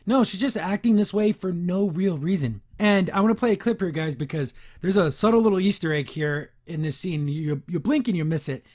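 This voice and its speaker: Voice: mid-range voice, fairly quick, hardly any pauses, darkish tone. A podcast host giving a casual recap and review of a cartoon episode. The host rambles, uses lots of fillers and sounds wry and incredulous.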